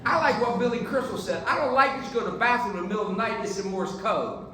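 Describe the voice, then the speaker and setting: A man's voice: high voice, animated, fast, heavy background noise. A man giving an inspirational keynote speech at a banquet, punchy and preachy, joking with the crowd and urging them on. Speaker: keynote speaker. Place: banquet hall. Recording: very echoey hall, distant mic.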